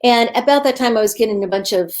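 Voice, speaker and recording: A woman's voice: fairly high pitch, fast talker. Chatty woman telling a strange story. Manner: rambling, animated retelling with fillers. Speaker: guest medium. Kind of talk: casual storytelling in an interview.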